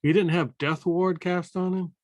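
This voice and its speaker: A man's voice: high-pitched, fairly even intonation, moderate pace, darkish tone, no room sound. A man playing a tabletop game, declaring his healing move casually. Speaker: player.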